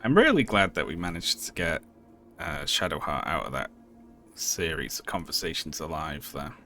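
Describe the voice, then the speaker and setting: A man's voice: a bass voice, sing-song, moderate pace, sharp tone, faint music behind. Joking man commenting on a game stream. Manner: joking, sarcastic, laughs often. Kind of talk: casual live-stream commentary.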